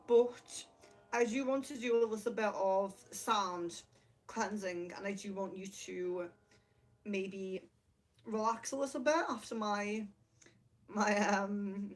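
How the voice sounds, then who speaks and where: A woman hosting a spiritual livestream from her room, giggly and excitable, laughing often, speaking to a camera set far across the room. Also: medium pitch. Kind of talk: casual livestream chat. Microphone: camera mic from across the room.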